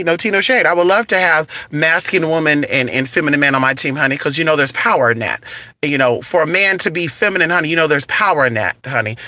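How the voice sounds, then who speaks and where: Man host, campy and sassy livestream chatter, higher pitch, very bright, dry sound. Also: dry recording. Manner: sassy, campy, drawn-out and expressive. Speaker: channel host reading live chat. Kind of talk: casual livestream chat.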